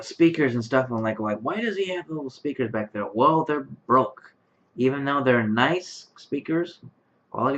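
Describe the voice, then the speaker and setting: Talking casually to camera from his bedroom, a tired vlogger in his late twenties rambles late at night with plenty of fillers and false starts. His voice sits at medium pitch with vocal fry and a fairly bright tone. It's captured on a webcam mic with dull, lo-fi quality.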